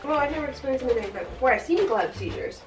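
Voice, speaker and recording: A woman's voice: sits high, expressive, far from the mic, soft background music. A young woman chatting and teasing her sister, joining in from off to the side. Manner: teasing, quick, laughing along. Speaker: sister of the host. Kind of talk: casual chat from across the room. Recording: echoey room, off mic.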